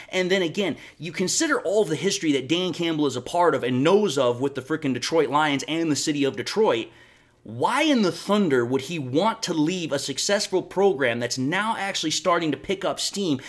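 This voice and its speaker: A man hosting a solo sports commentary, laying out blunt, emphatic opinions point by point. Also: a little high.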